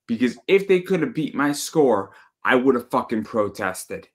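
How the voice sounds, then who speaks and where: A man hosting a podcast in casual chat, talking bluntly with swearing and animated storytelling. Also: mid-range voice, moderate pace. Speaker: podcast host.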